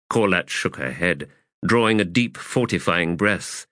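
A man reading fantasy fiction aloud as an audiobook narrator, measured and expressive. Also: sits low, dry recording, clean studio sound.

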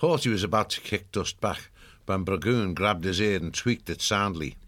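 A man reading a storybook aloud as narrator, in a measured, expressive way. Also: low-pitched, no echo. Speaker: audiobook narrator.

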